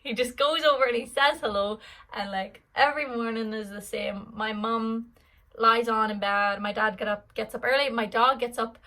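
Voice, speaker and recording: A woman's voice: on the high side, steady tone, normal speed, pushed and bright, rough recording. An Irish woman in her twenties answering fan questions in a casual vlog, rambling and chatty with lots of fillers. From Ireland.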